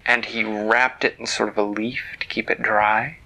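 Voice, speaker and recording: Gravelly playful bedtime storyteller, man. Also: on the low side, little pitch movement, normal speed, low-quality recording. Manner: gentle and playful, drops to hushed whispers.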